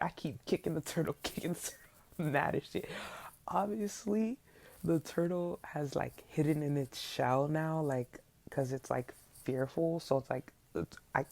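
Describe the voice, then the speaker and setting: A young adult woman who hosts a podcast tells a story from her childhood, casual and animated, acting out her younger self. Her voice sits low and has a creaky quality.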